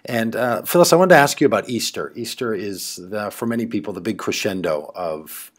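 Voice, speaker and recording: A man hosting an interview over a video call, earnest and lively, with many fillers and restarts. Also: lowish voice, brisk. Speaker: host. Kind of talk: casual interview. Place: home or office in a city.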